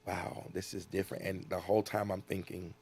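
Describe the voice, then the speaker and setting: A man's voice: deep voice, little pitch movement, brisk, creaky, darkish tone, breathy edge. A man from the United States, a guest in an interview, telling a personal story earnestly and acting out what people said.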